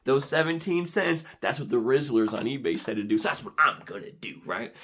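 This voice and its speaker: A young man telling an animated vlog story, excitable and prone to sudden dramatic squeals and shouts. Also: medium pitch, brisk, husky. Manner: excitable, with big dramatic squeals and shouts when quoting himself. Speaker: vlogger.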